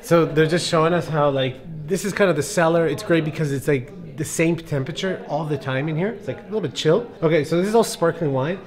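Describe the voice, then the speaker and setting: A man's voice: fairly high pitch, fast, hardly any pauses, a crowd in the background. A man vlogging his travels in an easygoing, chatty way, laughing easily. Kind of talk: casual travel vlog chat.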